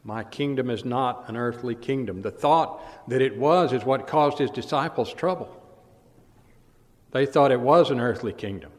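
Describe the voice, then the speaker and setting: A male preacher retells scripture with dramatic storytelling, one moment loud and the next moment hushed. His voice sits at a middle pitch. A long reverb from a large hall trails every phrase. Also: normal speed.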